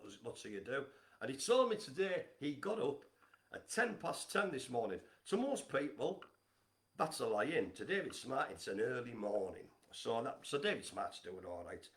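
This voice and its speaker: A man's voice: medium pitch, fairly bright tone. A man, hosting a casual live stream from home, chatty and jokey with lots of fillers. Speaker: host of a live community broadcast.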